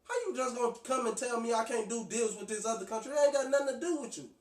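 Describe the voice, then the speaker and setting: High-pitched guy preaching, lots of restarts, echoey and far from the mic. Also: quick pace. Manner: loose, conversational preaching with many restarts and fillers. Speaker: street preacher. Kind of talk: preaching and reading scripture.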